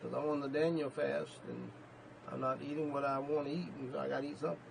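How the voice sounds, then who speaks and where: A male pastor preaching a sermon, emphatic, repeating himself and rising to sudden loud peaks. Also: medium pitch, level tone, quick pace, gravelly, noisy background.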